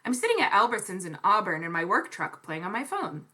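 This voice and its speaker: A woman's voice: mid-range voice, big pitch swings, fairly quick, pushed and bright, slightly rough. A young woman co-hosting a podcast who talks casually and teases her co-host playfully. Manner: teasing, playful reader. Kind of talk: casual chat.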